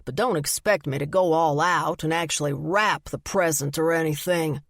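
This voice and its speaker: A woman's voice: deep voice, moderate pace, no echo, clean studio sound. A woman voicing a grumpy man who grudgingly gives in. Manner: sulky and grudging. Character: grumpy reluctant man, holiday grouch.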